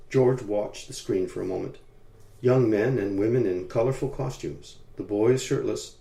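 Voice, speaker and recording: Mellow-voiced male audiobook narrator. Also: on the low side. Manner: calm, measured storytelling. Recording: roomy echo.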